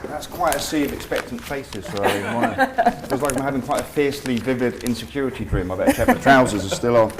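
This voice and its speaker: A man's voice: medium pitch, expressive, quick pace, hardly any pauses, over a noisy crowd, heavy background noise. A man giving a comic, self-deprecating talk, telling a mock horror story with wry, profane asides. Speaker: invited speaker.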